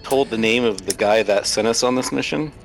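A man's voice: on the low side, fairly quick, creaky, soft background music, rough recording. A man playing a tabletop game, arguing his case in a playful way. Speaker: player. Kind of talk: casual tabletop play.

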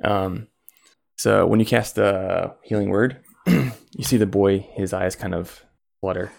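A man's voice: sits low, fairly even intonation, slow pace, creaky, a little mellow. A man narrating as game master at home, rambling with lots of fillers.

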